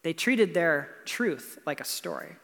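Pastor, male, high voice, casual preaching style, long church reverb; keeps checking in with "right?". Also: lively intonation, measured pace, vocal fry, a bit bright. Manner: conversational preaching with frequent "right?" asides. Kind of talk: sermon. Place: church building.

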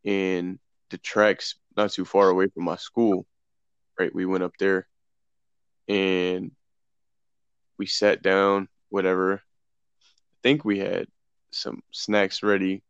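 Young man, low voice, casual profane storytelling, dull dry lo-fi recording. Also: takes it slowly, long pauses, clean tone, dry recording. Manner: loose, profane, animated retelling with quoted dialogue. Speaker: podcast co-host. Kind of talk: casual storytelling among friends.

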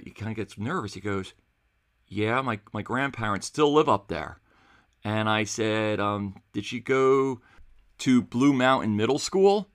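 A man who teaches seventh grade history, telling a story in a casual, animated way and acting out the dialogue. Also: mid-range voice. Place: New Jersey.

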